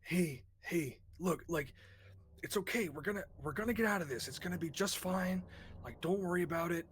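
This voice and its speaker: A man's voice: sits high, moderate pace, a little hiss or hum, pitched above the performer's own voice, lightly acted. A man doing a falsely soothing monster. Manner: soft, calming, then coldly mocking.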